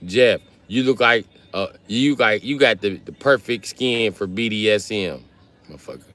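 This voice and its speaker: A man in South Carolina chats casually on a livestream, reading comments and swapping crude jokes with his viewers. His voice is fairly low and a bit bright, at a normal speed.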